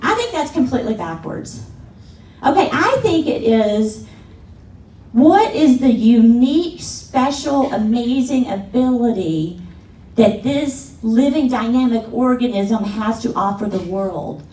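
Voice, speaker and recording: A middle-aged woman gives a keynote talk from the stage, with a high voice that swoops and leaps as she tells her story. She acts out the people she quotes and laughs along. The sound is roomy and distant, with a faint hum of the hall behind her. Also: expressive, takes it slowly, dark tone. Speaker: keynote speaker. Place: large conference hall. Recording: echoey hall from afar, faint room noise.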